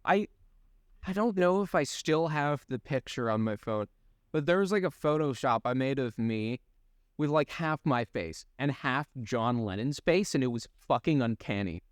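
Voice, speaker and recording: Lively rambling young man, dry sound. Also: medium pitch, no echo. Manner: rambling, halting, swears freely. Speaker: podcast co-host. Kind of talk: casual chat.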